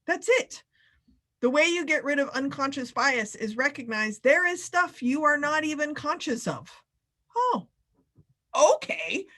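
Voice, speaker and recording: This workshop facilitator runs a live online session by video call. She sounds lively and playful, her voice leaping upward to stress key points.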